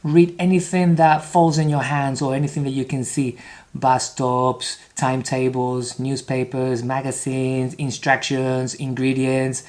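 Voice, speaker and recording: A man's voice: mid-range voice, level tone, a little slow, a little mellow. A man from Spain with a Spanish accent teaching a beginners' video lesson, encouraging and drilling sounds by repeating them. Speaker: language teacher.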